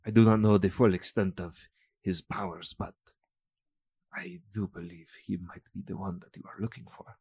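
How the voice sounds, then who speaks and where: A man's voice: deep voice, fairly even intonation, mellow, slightly rough, no room sound, studio quality, voice pushed down. Man voicing a solemn, formal wanderer. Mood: guarded. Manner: formal, measured, no contractions.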